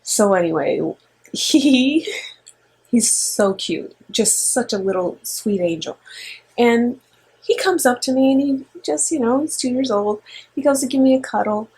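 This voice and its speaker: A middle-aged woman co-hosting with her son, telling a story in a rambling, animated way with lots of fillers. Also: on the high side, unhurried, husky. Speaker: co-host and mother. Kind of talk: casual storytelling.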